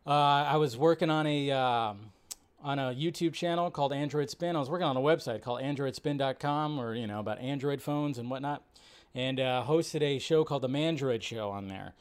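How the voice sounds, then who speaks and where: A man's voice: mid-range voice, a little fast, clear, resonant tone. A man hosting a live show, chatting casually, rambling and repeating himself as he greets viewers by name. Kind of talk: casual live-stream chat. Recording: music playing under the voice. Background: music.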